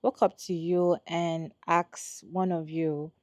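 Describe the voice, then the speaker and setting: A woman's voice: fairly low pitch, level tone, takes it slowly, darkish tone, no echo, clean studio sound. A woman hosting a commentary channel, musing over a story and raising questions about it. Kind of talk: reaction commentary.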